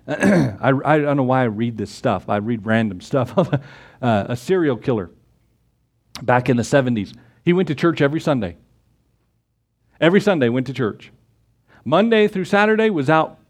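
A man preaching a sermon with scripture quotes and rhetorical questions, swinging between loud emphatic exclamations and low conversational asides. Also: breathy edge. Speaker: pastor.

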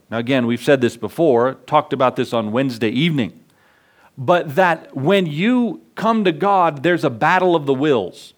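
A man's voice: fairly high pitch, moderate pace. A man preaching a sermon in a church, telling stories and acting out the people in them. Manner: animated storytelling preacher, acts out voices. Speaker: pastor. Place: church sanctuary.

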